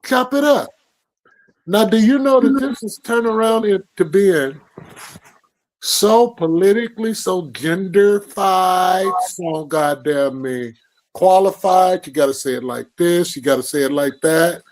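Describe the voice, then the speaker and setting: A man co-hosting a morning show, talking in loud, profane, teasing banter. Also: sits high, unhurried, rough recording. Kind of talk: casual banter.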